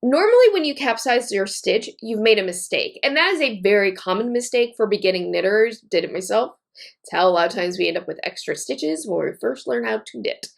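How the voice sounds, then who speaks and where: A woman walks through a knitting technique step by step, narrating each move as she works. Her delivery is methodical and repetitive, and her voice carries a noticeable gravelly fry. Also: medium pitch, expressive, brisk. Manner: methodical, repeats key points, talks while working. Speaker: knitting teacher. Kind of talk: step-by-step tutorial demonstration.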